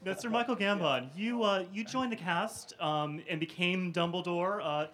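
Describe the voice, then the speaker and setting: A panel moderator asking the guests questions in a brisk, polite manner. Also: mid-range voice, fairly bright tone, a faint crowd.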